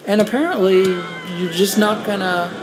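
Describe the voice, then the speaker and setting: A woman's voice: medium pitch, normal speed. A woman in casual conversation, talking in a hesitant, rueful way with frequent restarts. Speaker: guest on a talk stream. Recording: steady background noise.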